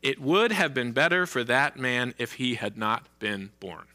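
A male pastor preaching a sermon, earnest, slowing down to stress key phrases and lifting his voice when quoting cries. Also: medium pitch, lively intonation, bright, forceful tone. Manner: earnest preaching, slows for emphasis, rising for quoted cries.

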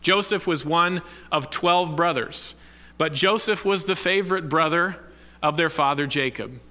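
A man delivering a church sermon in an earnest, deliberate way, stretching out the words he wants remembered. His voice is bright and forceful and sits a little high. A long reverb trails behind him, as in a large sanctuary. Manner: earnest preaching with slow emphatic stresses. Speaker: pastor.

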